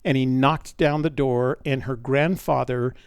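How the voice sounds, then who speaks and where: A man's voice: medium pitch, steady tone, measured pace, smooth, no echo, clean studio sound. A man telling a long personal anecdote in a casual storytelling manner, often restarting his sentences and stopping for asides. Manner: rambling, with frequent restarts and asides.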